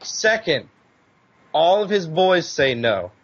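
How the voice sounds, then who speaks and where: A man's voice: on the high side, big pitch swings, slow pace. Teasing, joking man on a podcast. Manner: teasing, crude joking storyteller. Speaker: podcast co-host. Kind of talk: casual chat. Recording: dull lo-fi podcast audio.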